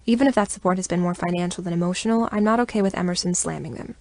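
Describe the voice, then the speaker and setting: A young adult woman narrating a first-person audiobook in an expressive, even storytelling manner, on a close studio mic. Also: on the low side, rapid-fire.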